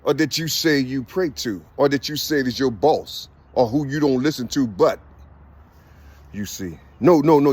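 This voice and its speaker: A man's voice: a little high, breathy edge. A man giving a loose spiritual monologue, preachy and slangy, with "you see" in nearly every line.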